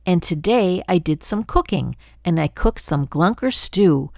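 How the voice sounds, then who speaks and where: A woman's voice: fairly low pitch, animated, measured pace, gravelly, a little mellow, no echo, studio quality. An older woman voicing a chatty, pushy male glunk creature in a storybook read-aloud, sweet-talking and jabbering on.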